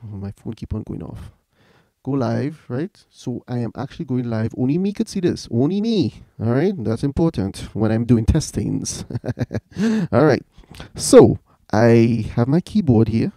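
Male tech reviewer, casual step-by-step tone, warm and dry. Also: mid-range voice, animated, measured pace, no room sound. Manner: chatty, keeps saying "all right". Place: home music setup.

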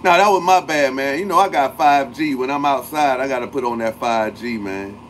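Speaking a little fast, the male streamer has a medium pitch and a fairly bright tone. He keeps the chat casual and slangy, naming viewers as he greets them, while a slight hiss or hum runs underneath.

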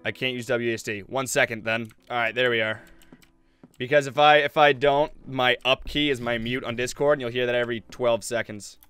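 A man's voice: mid-range voice, steady tone, brisk, fairly bright tone, clean tone. A young man giving jokey, casual commentary while playing a horror game and reading its text aloud. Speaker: let's play host.

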